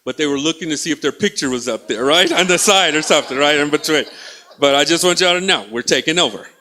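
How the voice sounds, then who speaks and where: A man's voice: fairly high pitch, fast, bright, forceful tone. A male stand-up comedian teasing and riffing with the audience from a small theatre stage. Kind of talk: stand-up crowd work.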